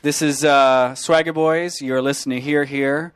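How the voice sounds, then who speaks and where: A man's voice: mid-range voice, steady tone, moderate pace, clear, resonant tone, no room sound. A man hosting an internet radio show, chatting casually and joking, with a loose, swearing manner. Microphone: studio microphone.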